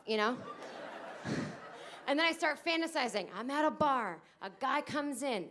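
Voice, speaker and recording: A woman in her late thirties doing a stand-up comedy set on a club stage, acting out other people's lines in shrill put-on voices. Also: lively intonation, moderate pace, pauses often, a bit bright. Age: 30s.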